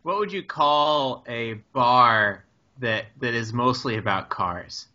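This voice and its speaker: A man, co-hosting a podcast in casual chat, curious and quick to ask questions. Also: mid-range voice, bright, forceful tone, highs cut off. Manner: curious, asks questions, laughs easily. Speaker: podcast co-host.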